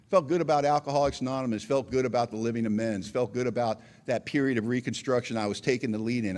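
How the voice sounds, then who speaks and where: Middle-aged man, average pitch, recovery-meeting share, conversational storyteller who acts out dialogue. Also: darkish tone.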